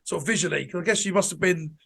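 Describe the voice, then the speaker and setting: A man hosting a podcast interview, reacting and asking quick, winding questions with British slang. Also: sits high, vocal fry, a bit bright, breathy edge. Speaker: podcast host. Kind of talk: casual interview.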